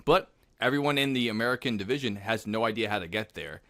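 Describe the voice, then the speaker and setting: A man co-hosts a casual podcast, spinning a story with animated energy. His voice is bright and forceful. The recording is dry and close, and he throws himself into quoting the characters. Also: on the low side, fast talker, no echo. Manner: animated, acts out quotes in voices. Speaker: podcast co-host.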